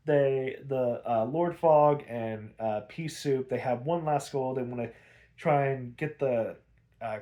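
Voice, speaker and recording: A man's voice: mid-range voice, darkish tone. A man hosting a podcast, casually reviewing a TV episode in a rambling way, with many fillers and restarts and casual swearing. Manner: quotes characters in a raised voice.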